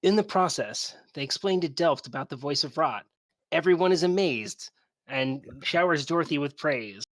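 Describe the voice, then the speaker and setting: A man's voice: fairly high pitch, expressive, no echo. Joking man reading a game recap. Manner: joking, quick asides. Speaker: player. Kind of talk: casual chat, reading a session recap.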